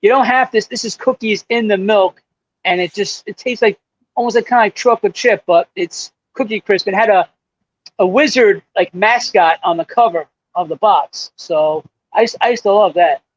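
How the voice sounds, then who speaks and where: A man's voice: high-pitched, normal speed. Stumbling man on a muffled line. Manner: storytelling, stumbling restarts. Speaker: guest. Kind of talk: casual chat. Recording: muffled lo-fi audio.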